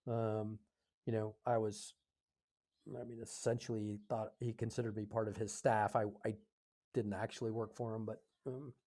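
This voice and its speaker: Halting, rambling man in his fifties. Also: fairly low pitch, little pitch movement, dark tone. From United States. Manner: halting, full of fillers and self-corrections. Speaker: podcast guest, retired Air Force officer. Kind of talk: casual storytelling in conversation.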